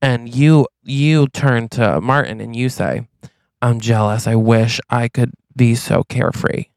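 Guy with a gravelly voice riffing a goofy movie story for his cohost, dry close mic. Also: medium pitch, steady tone, no echo. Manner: playful storytelling, acting out quick lines. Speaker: podcast co-host. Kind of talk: improvised comedic movie pitch.

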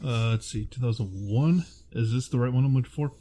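A relaxed, mid-pitched man talking casually with a friend about old films. He chats loosely, laughs easily and stops to hunt for actors' names. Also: brisk. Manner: chatty, laughs often, searches for names aloud. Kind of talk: casual chat.

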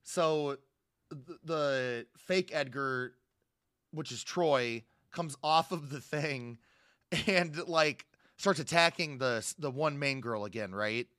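A young man talks through a movie plot in a loose, rambling way, now and then acting out the characters' lines. His voice sits a little high. The sound is dry and close to the mic. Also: takes it slowly, fairly bright tone, no echo. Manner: rambling, acts out quotes with raised voice. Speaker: podcast co-host. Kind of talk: casual chat recapping a movie.

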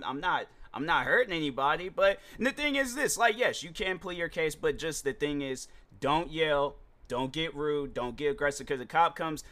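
A man hosting a solo podcast talks loosely and slangily, often restarting his sentences. His voice sits a little high and sounds bright and forward. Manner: rambling, slangy, many restarts. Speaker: podcast host. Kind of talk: casual solo podcast monologue.

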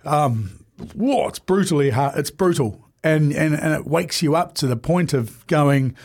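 Brief: man, 40s, podcast guest, earnest and halting, slightly high pitch. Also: darkish tone. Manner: earnest, halting, many fillers and restarts. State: emotional at times. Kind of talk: candid conversation.

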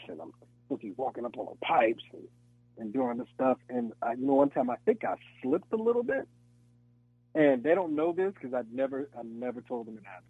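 A man, an actor, talking in a relaxed interview and telling animated stories, acting out voices and laughing often. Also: mid-range voice, slightly rough, no room sound, phone-quality sound. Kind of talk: casual interview chat.

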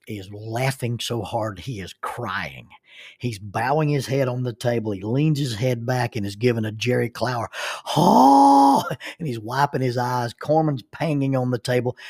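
Middle-aged male preacher, husky tone, spinning a funny story at his own expense. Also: mid-range voice, moderate pace, darkish tone. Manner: self-deprecating, chuckling narrator. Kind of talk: humorous personal storytelling.

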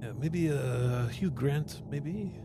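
A man's voice: mid-range voice, slow pace, over music, voice pushed up. A man playing a nosy old man with a put-on foreign accent who rambles and forgets himself mid-sentence. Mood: rambling. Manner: rambling, forgetful, full of hesitations.

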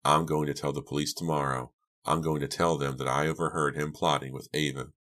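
A man's voice: a bass voice, little pitch movement, a little fast, fairly bright tone. A man voicing a thoughtful teenage boy who reasons things out and soothes others, in an audiobook.

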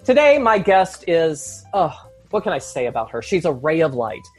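Southern woman host, low husky voice, lively and playful delivery, faint music underneath. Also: moderate pace. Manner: playful, expressive, laughs easily. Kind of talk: casual interview chat.

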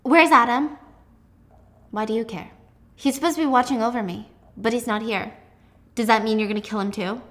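A woman reading the lines of a horrified, defiant young woman prisoner in a shrill, accusing way. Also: fairly even intonation, normal speed, long pauses, fairly bright tone, close to an everyday voice. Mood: anxious.

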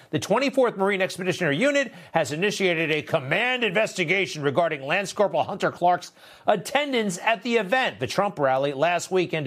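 A man's voice: a little high, a bit bright. A man hosting a TV interview, talking in an impassioned, indignant way. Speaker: host.

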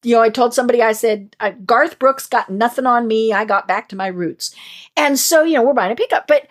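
A woman from the mountains of Colorado hosting a casual conversation, chatty and quick to murmur agreement. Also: fairly high pitch. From Colorado mountains, USA. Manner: animated, frequent affirming murmurs.

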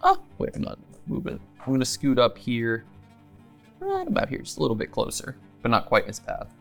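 A man's voice: mid-range voice, wildly swooping pitch, brisk, creaky, soft background music. A man playing a tabletop game in a casual, easygoing way, often breaking into laughs. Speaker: player.

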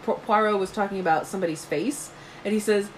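A woman's voice: medium pitch, quick pace, low-quality recording. A woman co-hosting a podcast in casual chat, telling stories animatedly with frequent giggles. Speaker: podcast co-host.

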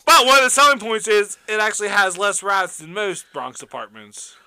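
A man co-hosting a podcast, animated and giggly, talking loosely and saying "like" a lot. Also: high voice, moderate pace, clean tone. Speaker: podcast co-host. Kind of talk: casual chat.

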